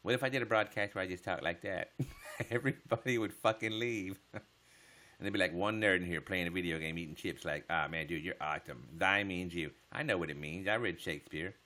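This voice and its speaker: A man hosting a casual late-night livestream, joking crudely with viewers and laughing often, sometimes dropping to a hush. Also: low-pitched, a little fast. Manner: drops to a hush so as not to wake his household. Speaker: livestream host.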